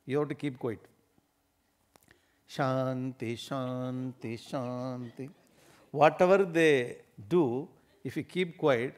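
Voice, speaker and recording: A man giving an animated, emphatic spiritual discourse, often laughing as he talks. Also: mid-range voice.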